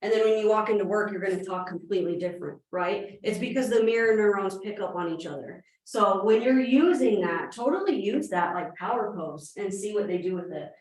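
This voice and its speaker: A woman in her thirties giving a lively real estate training talk to a room, asking questions as she goes. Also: mid-range voice. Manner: fast-talking, energetic, asks the room questions. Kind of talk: live training presentation. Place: meeting room with audience. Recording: very echoey room, from a distance.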